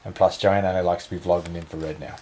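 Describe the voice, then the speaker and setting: Chatty dad vlogging at home. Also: male voice, low voice, fairly even intonation, quick pace, warm tone, a little hiss or hum, low-quality recording. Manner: playful baby talk, chatty. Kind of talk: casual family vlog chat. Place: home bedroom at night.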